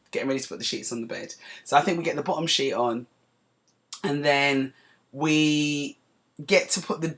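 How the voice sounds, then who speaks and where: Chatty woman telling a story. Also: low voice. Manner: chatty, digressive, animated when retelling. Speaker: podcast host. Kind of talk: casual storytelling monologue.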